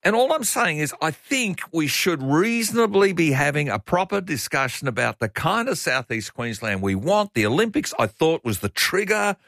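A man's voice: on the high side, sing-song, normal speed, vocal fry, few pauses, a bit bright, no room sound, clean studio sound. Opinionated Australian talkback host, older man. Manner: opinionated, chatty, reads out listener messages. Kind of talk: talkback radio commentary.

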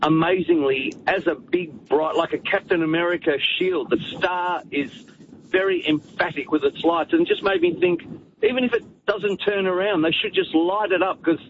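A man phoning in to radio from a moving car, keen and descriptive. His voice sits a little high, and he comes through a tinny phone line with a faint rumble underneath. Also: moderate pace. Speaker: caller. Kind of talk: phone-in chat.

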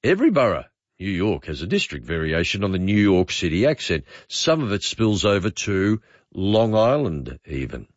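Australian man, middle-aged, talkback radio host, low voice, rambling with pauses, dry dull studio sound. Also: sing-song, no room sound. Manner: musing, rambling, with frequent pauses and fillers. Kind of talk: late-night talkback radio. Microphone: studio microphone.

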